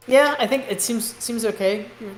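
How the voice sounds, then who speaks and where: A woman's voice: on the high side, roomy sound, rough recording. A woman playing a strategy board game on a live stream, carefully going over her teammate's moves.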